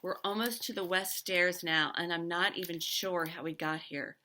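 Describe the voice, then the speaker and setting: A woman's voice: on the low side, fairly even intonation, normal speed, bright, forceful tone, a little hiss or hum. A woman teacher reading a novel aloud with expression, stopping now and then to comment on the story.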